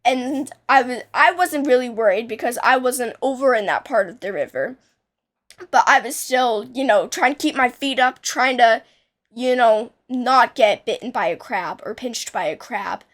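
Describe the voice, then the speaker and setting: A woman's voice: on the high side, moderate pace, a bit bright. A young woman telling a childhood story in a casual, rambling way, with many restarts and fillers.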